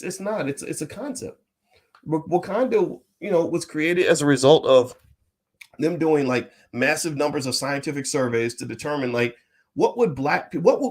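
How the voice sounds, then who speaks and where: Male finance commentator, higher register, emphatic and repetitive delivery, casual monologue. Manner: emphatic, repeats key phrases; laughs while making points.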